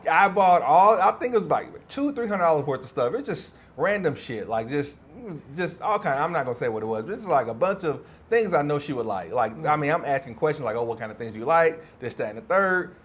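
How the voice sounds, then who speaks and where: Animated man telling a story. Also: on the high side, fairly quick, few pauses, slightly rough. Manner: animated storyteller, laughs often, acts out quotes. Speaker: podcast co-host. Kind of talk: casual storytelling chat.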